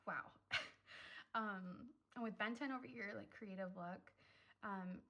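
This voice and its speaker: A woman's voice: mid-range voice, takes it slowly, pushed and bright, highs cut off. Chatty young woman giving a tarot reading. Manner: chatty, full of "um" and "like", emotional and effusive. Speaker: tarot reader. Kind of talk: casual pick-a-card tarot reading.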